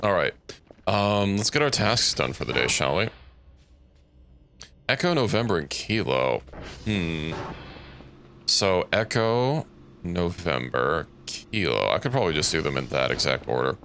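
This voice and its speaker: A man's voice: deep voice, very animated, normal speed, pushed and bright, a little hiss or hum. A young man streaming a game, thinking aloud in a rambling, casual way and correcting himself as he goes. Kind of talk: casual gameplay commentary.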